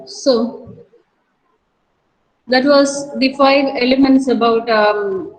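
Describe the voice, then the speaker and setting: An Indian woman lecturing a college class in a fairly high voice. She explains things slowly and repeats her points. Her talk is full of fillers. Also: steady tone, faint music behind, rough recording. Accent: Indian English. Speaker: teacher.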